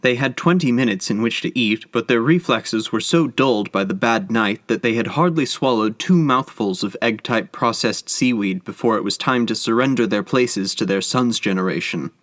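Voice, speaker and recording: Man, audiobook narrator, measured, mid-pitched, dry close sound. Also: fairly bright tone, no echo. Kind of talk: scripted narration.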